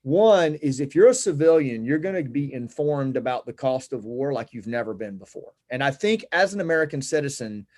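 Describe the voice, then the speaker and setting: A middle-aged man, a guest on a conversational show, telling a personal story in an earnest, reflective way with halting pauses and fillers. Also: medium pitch, animated, darkish tone.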